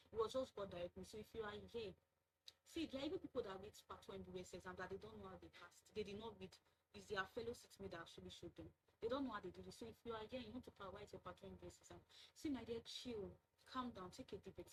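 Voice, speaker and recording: Fast-talking young woman giving advice. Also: mid-range voice, a bit bright, a little hiss or hum, rough recording. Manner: earnest, encouraging, chatty. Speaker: medical student. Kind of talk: casual advice vlog.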